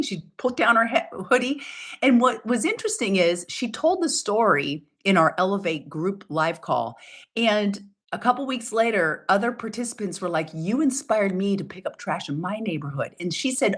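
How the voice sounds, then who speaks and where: A woman's voice: mid-range voice, lively intonation, normal speed, fairly bright tone, slightly rough. A woman leading a self-help challenge as its coach, talking in an upbeat, emphatic way, acting out what people say and laughing often. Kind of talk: motivational coaching talk.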